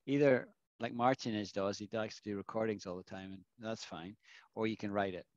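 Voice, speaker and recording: A man's voice: on the low side, steady tone, a little fast, darkish tone, dry recording, muffled recording. Man teaching an online English class. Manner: explanatory, asks the class questions. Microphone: video call.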